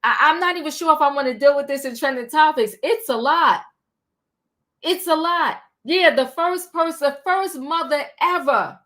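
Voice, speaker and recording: A woman hosting a livestream, recapping a reality show in sassy, animated casual chat. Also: sits high, moderate pace. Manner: animated, sassy, talks back to the people she recaps.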